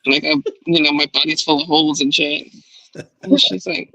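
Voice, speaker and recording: A woman hosting an online book club chat, recapping scenes with lots of energy and acting out each character's lines. Her voice is low-set but bright and forceful. The sound is close and dry. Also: normal speed, vocal fry, breathy edge, dry recording, dull audio. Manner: animated retelling, acting out characters' lines, swears casually. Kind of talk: casual chat. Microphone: online stream setup.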